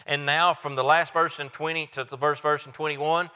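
Male pastor, bright voice, smooth, conversational sermon, reverberant church hall. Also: on the high side, steady tone, moderate pace. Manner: conversational with many restarts and fillers. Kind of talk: sermon with Bible reading.

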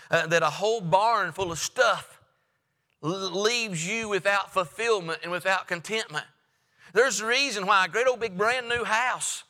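Male pastor, emphatic sermon delivery, high and very bright, church hall reverb. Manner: emphatic preaching with repeated phrases, drops to a hush for stress.

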